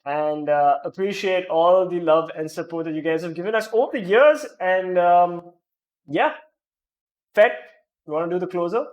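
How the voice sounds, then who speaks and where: A man's voice: high-pitched, normal speed, a little mellow. A man with an Indian accent hosting a gaming podcast, chatting and joking casually and reading out the live chat. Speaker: podcast host.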